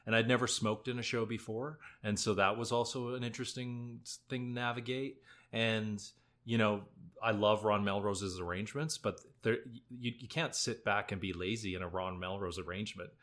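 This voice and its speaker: A man, a guest performer, talking in a relaxed, rambling way with lots of filler words. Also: lowish voice, normal speed. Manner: relaxed, rambling, heavy use of "like" and "you know". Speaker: guest actor and singer. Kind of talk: casual interview chat.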